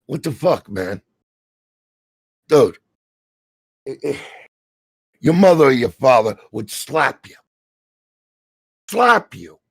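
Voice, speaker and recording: Gravelly, furious New Jersey man ranting. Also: medium pitch, lively intonation, takes it slowly, long pauses, dry recording. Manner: profane, heated, stammering rant. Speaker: stream co-host. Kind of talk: angry ranting commentary.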